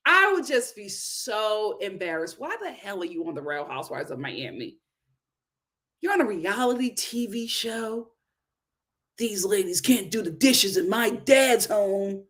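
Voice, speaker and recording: Chatting casually as host of a reality TV recap, a woman with a slightly high voice sounds animated and exclamatory, constantly reacting in disbelief.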